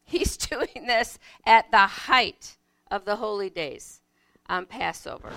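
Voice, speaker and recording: A woman giving a reflective Bible teaching, unhurried and searching, often asking the listener questions. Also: medium pitch, a bit bright, slight background noise.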